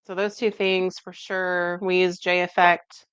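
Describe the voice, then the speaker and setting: A woman's voice: on the low side, little pitch movement, unhurried, fairly bright tone, smooth, no echo, dull audio. Chatty Midwestern woman cooking at home. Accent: Midwestern American. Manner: chatty, explains steps as she goes. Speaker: cooking show host. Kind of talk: casual cooking chat.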